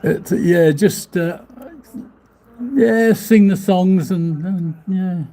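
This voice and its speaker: A man with a high-pitched, dark-toned voice speaks very slowly as he chats on a live stream. He's a vlogger reading the live chat from a hotel room facing the seafront, rambling, laughing often and swearing mildly along the way.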